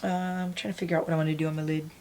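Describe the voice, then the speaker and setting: A woman's voice: deep voice, flat delivery, very fast, background noise. A woman in her forties chatting casually as she does her makeup, rambling and self-deprecating. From United States. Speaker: beauty vlogger. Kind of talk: casual get-ready-with-me chat.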